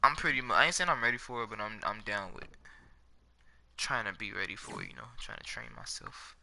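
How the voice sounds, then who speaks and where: A young man with a hoarse, sick-sounding voice, chatting casually and reacting excitedly while playing a fighting game. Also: lowish voice, brisk, background noise. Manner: excitable, reacting loudly to the match. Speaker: gaming video creator. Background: loud game music and effects.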